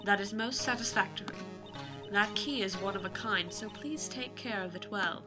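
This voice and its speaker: A woman's voice: medium pitch, over music, close to an everyday voice. Woman reading as a stern, formal spiritual matriarch. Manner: formal, measured.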